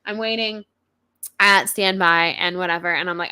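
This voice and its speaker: A woman co-hosting a podcast, telling a story in a lively, casual way and swearing freely. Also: on the low side, normal speed, smooth. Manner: animated, profane, self-mocking storyteller. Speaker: podcast co-host.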